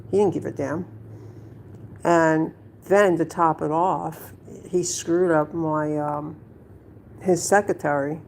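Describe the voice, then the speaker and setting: A woman's voice: low voice, gravelly, darkish tone, slight background noise. A woman at home telling a story to her viewers in a blunt, rambling way, swearing freely. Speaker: vlogger. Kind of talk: casual storytelling to camera.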